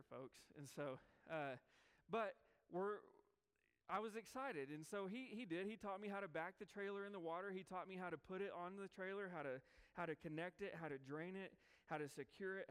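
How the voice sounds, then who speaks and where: Pastor, young, folksy storyteller, fairly high smooth voice, reverberant sanctuary. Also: male voice. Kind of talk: sermon. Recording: long hall reverb.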